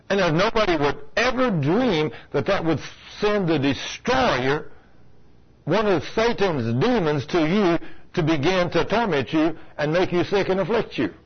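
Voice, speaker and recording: A man's voice: fairly high pitch, slightly rough, muffled recording. A man preaching a sermon, telling a folksy story and asking the congregation rhetorical questions. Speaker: pastor. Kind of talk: sermon with anecdote.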